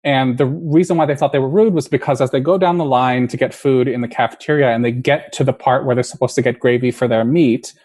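A man's voice: mid-range voice, fairly even intonation, fast talker, few pauses, darkish tone. Man, podcast guest, mid-range voice, loose explanatory storyteller. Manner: explanatory, storytelling, frequent "like" fillers. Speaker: podcast guest, conversation designer and linguist. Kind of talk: casual interview chat.

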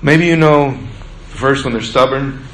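A man preaching a sermon in a folksy storytelling way, stretching out words for emphasis and dropping low on asides. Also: unhurried, noisy background. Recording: echoey room with faint ambience.

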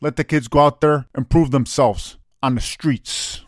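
A man's voice: medium pitch, steady tone, measured pace, no room sound, studio quality. A man with a brash, profane, opinionated way of talking, casually co-hosting a soccer chat. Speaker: soccer podcast co-host.

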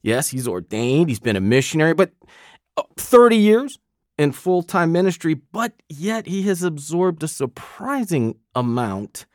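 A man in his fifties co-hosting a podcast, telling stories in an animated, jokey way. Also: on the high side, a little slow, no room sound, studio quality. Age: 50s. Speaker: podcast co-host. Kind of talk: casual chat.

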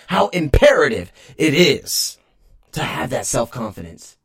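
A man podcaster delivering a rambling, emphatic solo rant. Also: on the high side.

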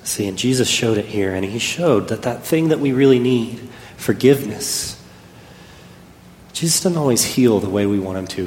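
A man preaching a sermon, telling a personal story and swinging between loud and hushed delivery. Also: lowish voice, slight background noise. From Texas. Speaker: pastor. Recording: echoey hall with faint ambience.

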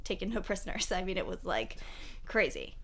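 A young adult woman co-hosting a casual pop culture podcast, talking in a chatty, animated way with lots of fillers. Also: mid-range voice, a little fast. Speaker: podcast co-host.

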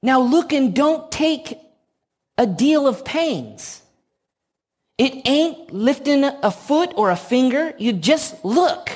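A woman's voice: high-pitched, expressive, slow, a little mellow, slightly rough, voice pushed up, exaggerated voice. A woman voicing a thin, unlearned man preaching plainly, with a put-on rustic accent and homespun phrasing. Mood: pleading.

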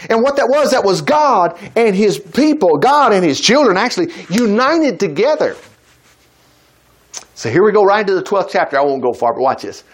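A man preaching a sermon in a conversational way, reading scripture aloud and acting out quoted voices, with sudden loud peaks and soft drops. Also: high voice, sing-song, moderate pace.

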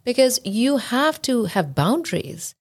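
A woman's voice: a little high, very animated, a little slow, slightly rough. A woman who hosts a podcast and is a physician, talking frankly and emphatically in a casual conversation.

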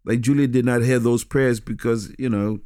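Man, middle-aged, street minister, animated storyteller, mid pitch, dry close sound. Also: normal speed, no room sound. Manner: animated, many restarts and "you know". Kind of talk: conversational storytelling.

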